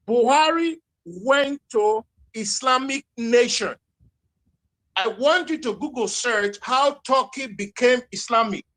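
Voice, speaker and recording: A man's voice: extremely high pitch, lively intonation, takes it slowly, bright, forceful tone. Fired-up Nigerian man speaking out. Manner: heated, emphatic, repeats himself. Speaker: speaker on a social media audio space. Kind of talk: impassioned live audio chat.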